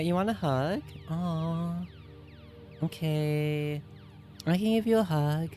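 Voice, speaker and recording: A woman's voice: low voice, very slow, long pauses, dark tone, faint music behind. A woman streaming games and chatting casually with viewers, playful and teasing, often giggling.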